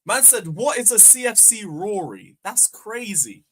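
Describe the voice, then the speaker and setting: A young man hosting a fan livestream, bantering loudly, swearing and taunting viewers. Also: high voice, sing-song, a little slow, slight background noise. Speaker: fan channel host. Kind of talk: casual livestream chat.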